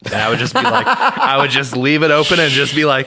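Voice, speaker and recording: A man's voice: mid-range voice, sing-song, fast, bright, forceful tone. A man co-hosting a casual podcast, joking and playful, often jumping into mock voices. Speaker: podcast co-host. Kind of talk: casual chat.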